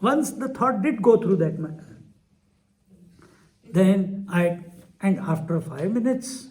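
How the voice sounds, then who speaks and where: A man with an Indian accent telling an anecdote in a spiritual discourse, animated and laughing often. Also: sits high, takes it slowly, slight background noise. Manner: animated, laughing often, mixes in Hindi phrases. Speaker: spiritual teacher. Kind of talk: storytelling discourse.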